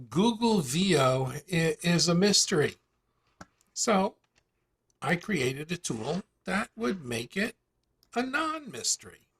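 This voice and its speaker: A man hosting a live call, walking through a software tool with a chatty sales manner and a string of rhetorical questions. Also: on the high side, creaky, breathy edge. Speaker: host presenting an online tool demo. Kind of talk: casual live demonstration on a call.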